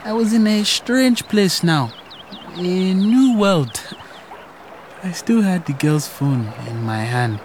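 A woman narrating a story in the first person, hushed and wondering. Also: lowish voice, expressive, slow, a little hiss or hum.

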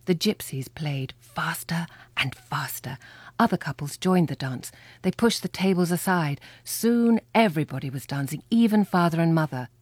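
A woman reading a children's storybook aloud with lively, expressive storytelling. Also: low voice, moderate pace, no room sound. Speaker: reader. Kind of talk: storybook read-aloud narration.

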